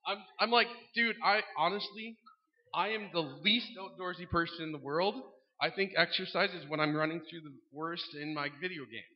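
A man talking casually to a congregation, candid and joking, with lots of "um"s and acted-out dialogue. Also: on the high side. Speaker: church member announcing a men's group. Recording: dull sound, long reverb in a large room.

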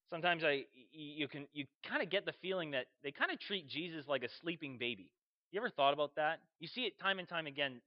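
A man preaching a sermon, telling the story with animated energy, acting out voices and sometimes shouting. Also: fairly high pitch, lo-fi sound.

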